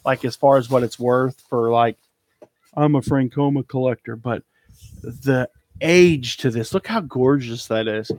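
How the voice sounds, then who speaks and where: A slightly slow, somewhat mellow mid-range voice belongs to an eBay reseller presenting his haul in a casual live chat, recorded dry. He rambles and trails off with ums, surrounded by a cluttered indoor storage room.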